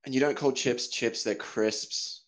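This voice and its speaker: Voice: mid-range voice, fairly even intonation, a little slow. A podcast guest from Australia, chatting in a laid-back, hesitant way. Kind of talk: casual interview chat.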